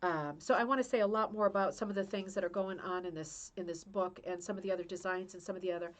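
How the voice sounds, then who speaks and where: A woman's voice: mid-range voice, fairly even intonation, fast talker. A woman hosting a casual craft-club video, talking through a book in a chatty, heartfelt way with many restarts. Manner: chatty, emotional, restarts often. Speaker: rug hooking club host.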